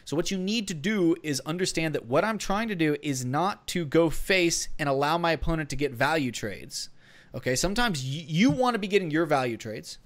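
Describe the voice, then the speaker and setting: Rambling higher-voiced podcast man. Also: lively intonation, fairly quick. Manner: rambling, with many fillers and restarts. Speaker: podcast co-host. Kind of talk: casual gaming podcast advice.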